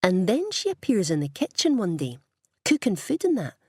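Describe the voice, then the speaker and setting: A woman voicing a wry, matter-of-fact teenage girl, pitched above her narration. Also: huge pitch swings, moderate pace, darkish tone, slightly rough, no echo, studio quality.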